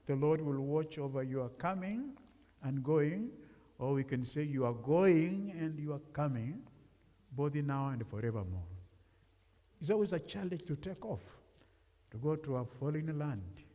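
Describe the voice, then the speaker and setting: A man from Africa preaches as a guest speaker, his voice fairly high and mellow. He talks with the congregation in a conversational way and asks them questions. The sound carries a long reverb from the church. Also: animated, unhurried. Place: church sanctuary.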